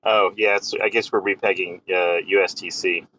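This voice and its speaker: A man's voice: low-pitched, fairly even intonation, moderate pace, bright, forceful tone, slight background noise, poor audio. A man hosting a casual online audio chat, welcoming people in and laughing easily. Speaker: host of crypto audio space. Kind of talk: casual banter.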